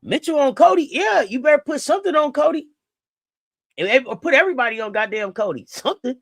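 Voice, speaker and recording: A woman hosting a live basketball watch-along, reacting out loud and talking straight to the players. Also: high-pitched, expressive, fast talker, no room sound, studio quality. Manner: exclamatory, talks straight to the players. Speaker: sports watch-along host. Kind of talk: live game reaction commentary.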